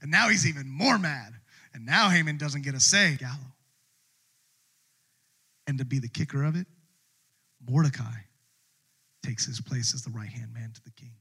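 A pastor preaching a sermon in a church service, retelling a story with lively acted voices. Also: male voice, medium pitch, normal speed, gravelly, long pauses, slightly rough.

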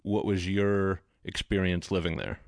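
A man with a Texan accent hosting a casual interview, relaxed and hesitant, with many fillers. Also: low-pitched, unhurried, vocal fry, dry recording, studio quality. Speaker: podcast host interviewer.

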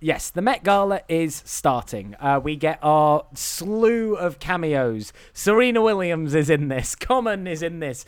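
A man's voice: on the high side, expressive, unhurried, hardly any pauses, smooth, dry recording. A man, co-host of a podcast, casually recapping a film with lots of ums and restarts. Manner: rambling recap with many fillers.

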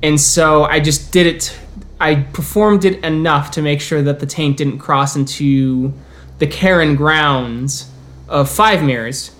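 A man narrating as storyteller of a tabletop role-playing game, voicing its characters in turn with halting restarts. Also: a little high, a bit bright. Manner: plays many characters in quick turns, with halting restarts.

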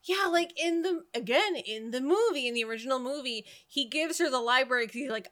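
Wry woman with a bright voice. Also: high voice, animated, a little fast, few pauses. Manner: wry, recapping with dry jokes. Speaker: podcast co-host. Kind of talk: casual chat.

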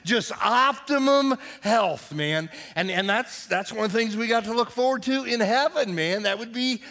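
A man's voice: very high-pitched, moderate pace, pushed and bright. A male pastor giving a sermon in a folksy, chatty way, joking with the congregation. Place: church service.

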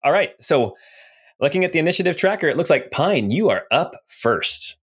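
A man's voice: fairly high pitch, sing-song, normal speed, breathy edge. A man running a tabletop game as game master, narrating in an easygoing way with lots of fillers.

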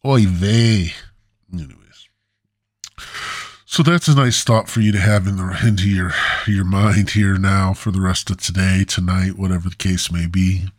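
A man's voice: low-pitched, steady tone, measured pace, dry recording. A man hosting a podcast, rambling through a crude comedic monologue, repeating himself on a close mic. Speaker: podcast host.

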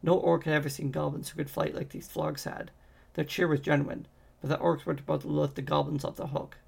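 Gravelly man reading a fantasy novel. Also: a little high, fairly even intonation, brisk, darkish tone. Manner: reads with frequent slips and restarts. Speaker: audiobook reader.

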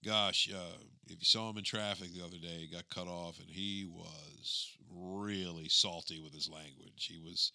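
A man co-hosting a podcast in casual chat, talking in an animated, emphatic storytelling way. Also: low-pitched, moderate pace, gravelly, hardly any pauses, dry recording, clean studio sound. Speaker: podcast co-host.

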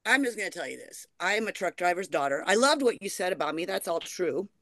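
A woman's voice: on the low side, expressive, quick pace, fairly bright tone, dry recording. An American woman guest in a casual podcast chat, playful and frank, laughing easily. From United States.

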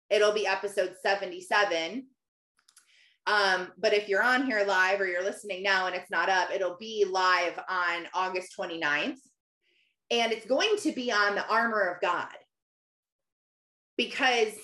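A woman in her thirties talks earnestly on her faith podcast, slipping into animated bits of her own inner dialogue. Her voice sits a little high, and the room around her rings with echo. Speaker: podcast host. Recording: echoey room.

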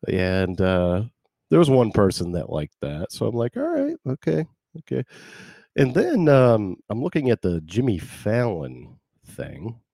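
A man's voice: lowish voice, big pitch swings, unhurried, dark tone, no room sound, studio quality. A man hosting his podcast live, rambling in casual chat with wry asides. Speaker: podcast host.

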